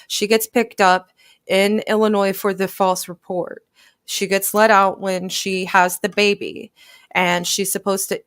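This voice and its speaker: A woman's voice: medium pitch, clean tone, no room sound, studio quality. A woman host casually recapping a case on a live stream, explaining step by step with frequent fillers. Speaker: commentary host.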